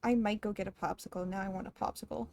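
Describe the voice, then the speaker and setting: A woman's voice: medium pitch, fairly even intonation, quick pace, creaky, a little mellow. A young woman streaming a game, chatting casually, rambling, laughing often and swearing offhandedly. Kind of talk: casual chat while gaming.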